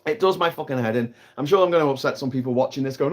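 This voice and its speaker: A man's voice: mid-range voice, very fast. A British man hosting a casual live stream from an island, ranting in a heated, sweary way and often restarting his sentences. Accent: British English. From Britain. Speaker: livestream host. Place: outdoors on an island by water.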